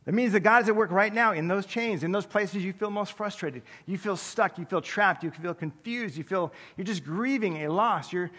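Pastor, male, conversational sermon with self-mocking asides; slightly high voice, big reverberant hall. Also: bright, forceful tone. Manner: conversational, self-deprecating humor with quick asides. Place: large church sanctuary.

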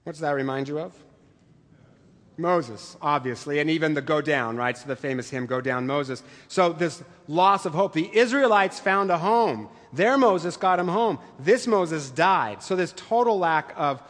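A man's voice: on the high side, animated, moderate pace. Man lecturing in an echoing hall. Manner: explanatory, conversational with fillers. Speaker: teacher. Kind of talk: classroom lecture and reading aloud.

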